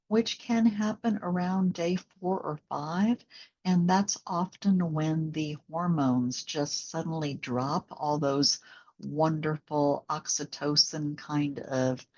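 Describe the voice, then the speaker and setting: A woman working as a postpartum doula and instructor, talking in a gentle, reflective way in a conversational interview, with many fillers. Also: fairly low pitch, lo-fi sound.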